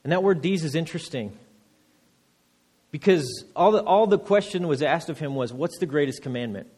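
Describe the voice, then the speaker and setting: A man pastor giving a sermon, reading scripture slowly and then preaching with rising emphasis and repeated words. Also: fairly high pitch, animated, darkish tone, breathy edge. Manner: repeats words when restarting phrases. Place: church.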